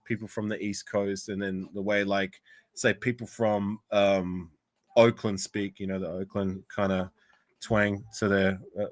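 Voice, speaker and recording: A man's voice: fairly low pitch, flat delivery, measured pace, no echo. An Australian man hosting a casual live-stream chat. He talks in a chatty way with many restarts and laughs often. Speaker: podcast host.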